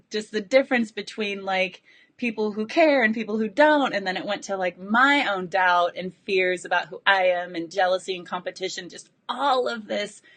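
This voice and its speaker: A young adult woman, out of breath, talking to her followers in an excited, rambling way about coaching clients. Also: mid-range voice. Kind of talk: live video chat to followers.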